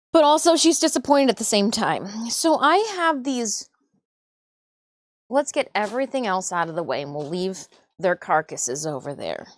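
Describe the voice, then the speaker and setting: A woman's voice: mid-range voice, lively intonation, unhurried, pauses often, dry recording, studio quality. A woman hosting a casual live stream, rambling and chatty as she sorts craft supplies, with self-mocking asides. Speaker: livestream host.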